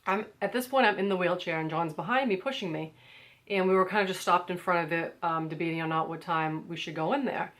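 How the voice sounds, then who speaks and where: A woman's voice: fairly low pitch, brisk, a bit bright. A young American woman casually telling a story to her viewers, full of "like" and acted-out quotes. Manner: chatty, lots of "like", acts out quotes. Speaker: vlogger.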